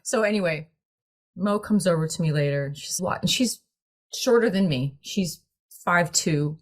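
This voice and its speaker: A woman with a low voice tells a story to a small group in conversation. She is animated and laughs often as she goes. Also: normal speed. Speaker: choir director.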